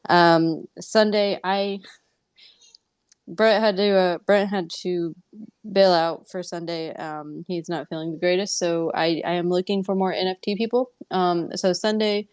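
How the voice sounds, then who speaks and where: A woman's voice: fairly low pitch, steady tone, a little slow, darkish tone, clear, resonant tone, dry recording. A woman hosting a live audio podcast, talking casually in a rambling, self-deprecating way. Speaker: podcast host.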